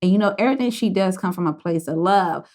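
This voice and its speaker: A woman's voice: medium pitch, quick pace, darkish tone. A woman hosting a podcast who speaks in an affirming, emotional way and laughs often, with speech. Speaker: podcast host. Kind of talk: casual heartfelt interview.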